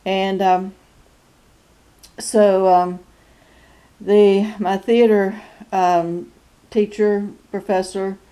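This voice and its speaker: Slow, mellow Southern woman in her sixties. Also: mid-range voice, level tone. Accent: Southern US, North Carolina. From North Carolina, USA. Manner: unhurried, halting with many fillers, chuckles often. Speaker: YouTube channel host. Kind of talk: casual personal vlog.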